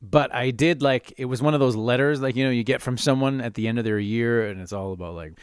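A man's voice: medium pitch, quick pace, few pauses, smooth, no room sound, studio quality. A middle-aged man hosting his own podcast, rambling through candid stories and laughing at himself. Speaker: podcast host. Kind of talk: casual monologue.

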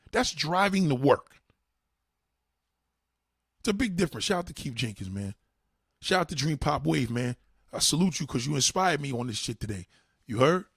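A man's voice: on the high side, breathy edge, no room sound, studio quality. A man delivering a heated, profane monologue, blunt and repetitive, swearing a lot.

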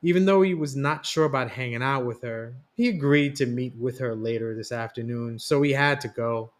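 A man telling a story on a podcast in a steady, read-aloud narration. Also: mid-range voice, normal speed. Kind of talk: scripted narration.

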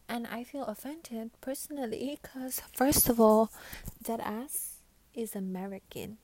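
A woman's voice: a little high, unhurried. Profane ranting New young woman. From New York. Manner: profane, ranting, gets loud when riled up. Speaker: vlogger. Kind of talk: casual Q&A chat.

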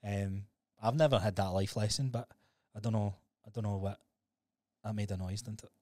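A man co-hosting a podcast, telling stories in a sweary, animated, casual way. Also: lowish voice, normal speed, no room sound, clean studio sound. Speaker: podcast co-host.

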